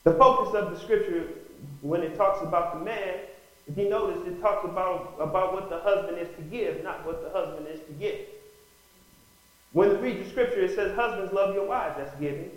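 Male pastor mid-sermon, higher-pitched voice, calls out "Amen?" to the flock, heavy room echo. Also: normal speed, a bit bright. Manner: preaching with call-outs of "Amen?" and rising bursts of emphasis. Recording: very echoey room.

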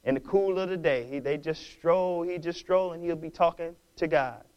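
A man pastor with a notably high voice delivering a sermon. He exhorts his listeners, stumbles over and repeats words, and swells into loud, fervent preaching. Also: moderate pace, smooth, lo-fi sound.

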